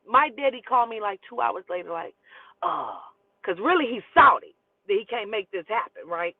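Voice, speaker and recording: A woman's voice: a little high, lively intonation, moderate pace. A woman in her forties tells her own story bluntly and with a lot of swearing and emphasis. The sound is thin and phone-like, and there is no room echo at all. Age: 40s. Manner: blunt, profane, emphatic retelling. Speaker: storyteller host. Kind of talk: casual storytelling. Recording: tinny phone-like, dry sound.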